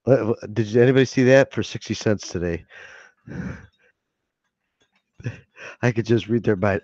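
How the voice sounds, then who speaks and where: A man's voice: on the low side, unhurried, pauses often, darkish tone, no echo. Rambling man on a late-night livestream. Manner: rambling, joking, laughs often. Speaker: livestream host. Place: home at night. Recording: dull dry home mic.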